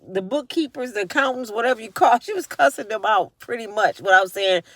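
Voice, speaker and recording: A woman giving casual commentary, animated and acting out the voices of the people she talks about. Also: on the high side, a little fast, no echo. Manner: animated, acts out voices of others mid-story. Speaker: vlogger.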